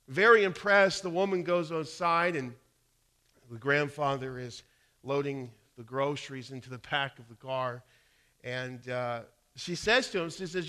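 A male pastor delivers a conversational sermon and weaves in stories as he goes. His voice is bright and forceful, pitched a little high. He often restarts his phrases as he talks. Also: normal speed, clear, resonant tone. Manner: conversational, storytelling, frequent restarts.

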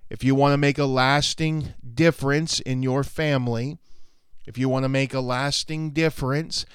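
A male preacher giving a sermon in an earnest, measured way, appealing to his listeners. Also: medium pitch, fairly even intonation, smooth, no room sound, clean studio sound. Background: faint music.

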